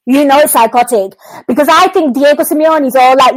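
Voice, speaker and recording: A woman's voice: sits high, fairly quick, hardly any pauses, dry recording, rough recording. A woman hosting a football call-in podcast, chatting casually, laughing easily and swearing. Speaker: podcast host.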